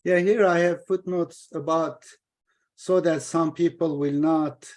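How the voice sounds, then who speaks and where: A middle-aged man, Turkish his first language, leads an informal study session on scripture translation. His voice sits a bit high for a man. He talks in an explaining, halting way, full of fillers and restarts. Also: fairly even intonation, darkish tone.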